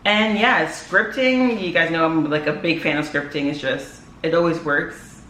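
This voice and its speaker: A woman's voice: deep voice, normal speed, fairly bright tone. A young woman chats straight to her viewers in a loose, heartfelt vlog voice, peppering her talk with fillers and little laughs. Her voice bounces around a roomy, echoing space, with a faint hum of ambience underneath. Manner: chatty and emotional, frequent "like" fillers, laughs often. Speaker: vlogger. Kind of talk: casual talking-to-camera vlog. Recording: echoey room with faint ambient noise.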